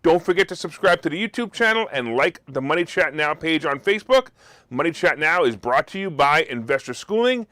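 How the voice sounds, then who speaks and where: A man hosting a markets talk show, talking in a sarcastic, animated way, now and then bursting into loud mock outrage. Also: fairly high pitch, fairly quick, no echo. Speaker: host. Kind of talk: opinionated market commentary.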